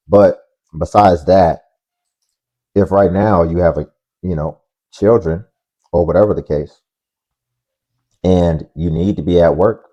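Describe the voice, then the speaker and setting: A man's voice: deep voice, dark tone. A man hosting a reaction commentary, lecturing and reasoning step by step in dull, lo-fi audio. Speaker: commentary host.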